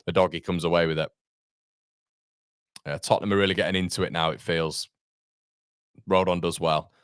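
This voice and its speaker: A man's voice: deep voice, steady tone, moderate pace, clean tone, dry recording, clean studio sound. A man hosting a fan watchalong, calling the match live play by play and answering viewer chat, with partisan exasperation. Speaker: fan channel host.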